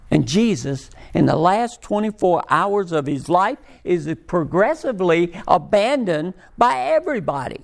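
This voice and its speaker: Slow, lively-voiced male preacher. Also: a little high, vocal fry. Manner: slow, emphatic preaching with rising and falling emphasis. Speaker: pastor. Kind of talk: sermon.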